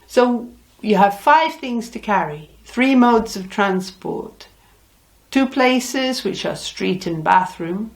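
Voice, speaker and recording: A woman's voice: medium pitch, gravelly. A middle-aged woman teaching a language lesson, patiently repeating words for learners. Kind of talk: slow, deliberate Spanish lesson.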